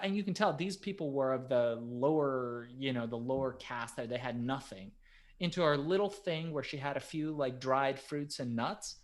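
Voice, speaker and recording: A man co-hosting a podcast, telling stories in a vivid, animated way with plenty of fillers. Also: mid-range voice, moderate pace. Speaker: podcast co-host. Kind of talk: casual storytelling chat.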